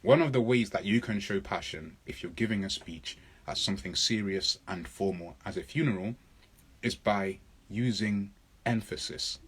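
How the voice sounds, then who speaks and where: A man's voice: fairly low pitch, normal speed, husky. A man coaching public speaking in a live question-and-answer lesson, talking emphatically, repeating his points and answering viewers' comments.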